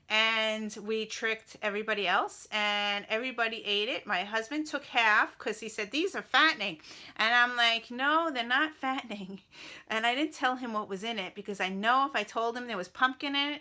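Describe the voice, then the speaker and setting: Bright, chatty middle-aged woman vlogger. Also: fairly high pitch. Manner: rambling and chatty, with many fillers. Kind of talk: casual vlog chat.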